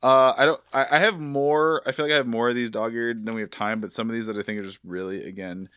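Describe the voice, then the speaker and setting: A man's voice: mid-range voice, steady tone, fast talker, bright, forceful tone, clear, resonant tone, dry recording. A man hosting a podcast interview, chatting enthusiastically with filler words. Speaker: podcast host. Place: podcast studio.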